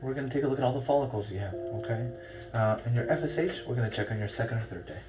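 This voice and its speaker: A man working as a fertility doctor, explaining things briskly to a patient and checking that she follows. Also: medium pitch, recorded from a distance, over music. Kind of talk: consultation with a patient.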